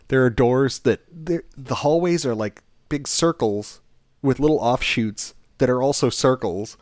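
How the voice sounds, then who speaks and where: A man co-hosting a casual chat, telling an animated story and acting out other people's lines with laughs. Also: medium pitch, no room sound, clean studio sound. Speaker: podcast co-host.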